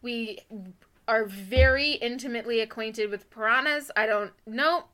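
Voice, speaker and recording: A young woman co-hosting a podcast in casual chat, excitable and rambling, laughing often. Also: a little high, measured pace. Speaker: podcast co-host.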